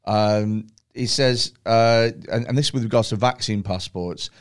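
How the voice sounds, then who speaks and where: A man's voice: fairly low pitch, steady tone, a little slow, clean tone. Swearing, rambling man. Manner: rambling storyteller, swears freely, laughs often. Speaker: podcast host. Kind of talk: casual chat.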